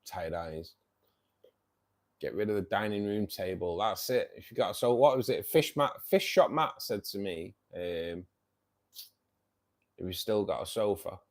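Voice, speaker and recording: A man's voice: fairly low pitch, expressive, normal speed. A man hosting a fishkeeping livestream, chatting casually with viewers, joking and laughing often. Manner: jokey, laughs often, teasing. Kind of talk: casual chat reading viewer comments.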